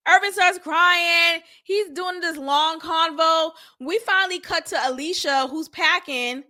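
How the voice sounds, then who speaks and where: A woman with a high, bright voice recaps a reality show on her podcast. She talks in a casual, blunt and animated way, full of slang, and laughs at the cast a lot.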